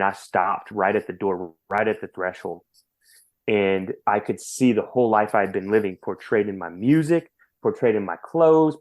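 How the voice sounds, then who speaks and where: Earnest man telling his story. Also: on the low side. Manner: earnest, animated retelling with repeated words. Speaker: podcast guest. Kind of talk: personal testimony storytelling.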